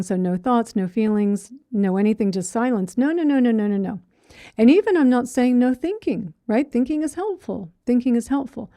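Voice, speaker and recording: A woman's voice: on the high side, warm tone, no echo, clean studio sound. A middle-aged woman teaching meditation in a conversational way, often acting out inner thoughts in quotes and checking in with "right?". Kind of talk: dharma talk.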